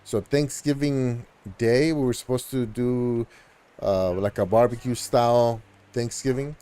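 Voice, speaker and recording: A man's voice: medium pitch, fairly even intonation, a little slow, mellow, clean tone. A man live-streaming a video game, chatting casually in a rambling, laid-back way with lots of fillers. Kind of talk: casual chat while gaming.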